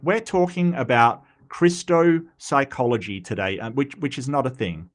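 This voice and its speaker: An Australian man talks through a casual livestream in a loose, rambling way, breaking off into asides and starting sentences over. His pitch sits in an ordinary middle range. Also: normal speed. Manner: chatty and rambling, with frequent restarts and asides. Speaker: livestream host.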